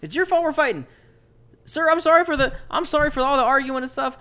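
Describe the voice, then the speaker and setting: A man's voice: extremely high pitch, quick pace, pushed and bright, voice pushed up. A man voicing a timid, heartbroken young male dwarf who stammers and apologizes. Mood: apologetic. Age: young adult.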